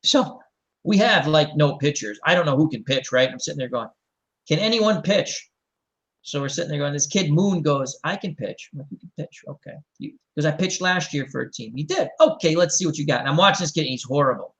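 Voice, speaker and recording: Middle-aged male host, casual chat, rambling storyteller, slightly higher voice. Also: fairly quick, low-quality recording. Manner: rambling, animated storyteller acting out quotes. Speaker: show host.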